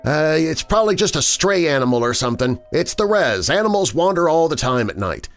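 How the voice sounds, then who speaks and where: A cranky mother yanked out of sleep, played by a man in a much higher voice than his own. She snaps her words in an exasperated, sharp tone, raising the pitch well up. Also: moderate pace, gravelly, soft background music. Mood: annoyed. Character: annoyed middle-aged mother woken at night.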